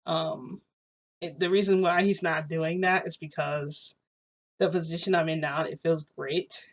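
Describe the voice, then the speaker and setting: A woman's voice: low voice, fairly even intonation, a little slow. A woman telling a casual story in a rambling, giggly way, full of fillers and restarts.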